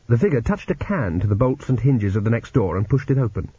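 A man narrating an audiobook in an expressive reading voice. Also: medium pitch, quick pace, husky. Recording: dull lo-fi recording.

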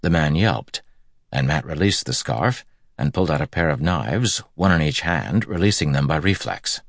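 Very deep, gravelly male narrator. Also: no room sound, studio quality. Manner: steady, measured storytelling. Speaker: audiobook narrator. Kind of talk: scripted narration.

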